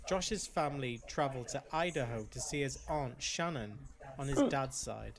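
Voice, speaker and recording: A man reading a documentary script as host in a dry, deadpan way. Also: mid-range voice, normal speed, creaky, a crowd in the background. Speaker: host narrator.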